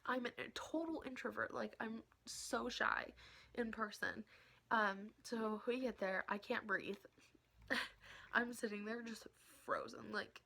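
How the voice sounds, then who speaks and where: A young woman telling an excited story in a casual vlog, laughing often and dropping into whispers. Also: fairly high pitch, slow pace, gravelly. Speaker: vlogger.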